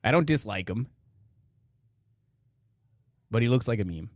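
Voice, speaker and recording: A man's voice: medium pitch, expressive, unhurried, dry recording, studio quality. A man hosting a podcast, reacting to clips with sarcastic, rambling commentary. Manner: sarcastic, mocking, rambling asides. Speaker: podcast host. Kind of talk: casual commentary over clips.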